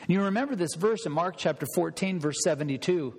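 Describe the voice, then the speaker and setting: A man preaching a sermon in a lively, conversational way, asking the audience questions and explaining scripture. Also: high voice, fast, slightly rough, big-room sound. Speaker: pastor.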